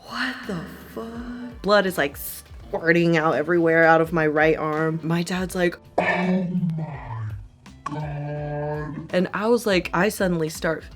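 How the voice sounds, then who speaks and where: Young woman, low voice, vocal fry, casual storytime, candid, swears a lot, filler-heavy. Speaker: vlogger. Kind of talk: casual storytime while getting ready.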